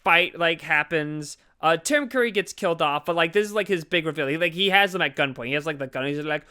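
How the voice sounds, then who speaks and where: A man's voice: on the high side, a little fast, few pauses, sharp tone, clear, resonant tone. A man co-hosting a podcast, casually recapping a movie plot in a rambling way, full of fillers and acted-out quotes. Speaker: podcast co-host.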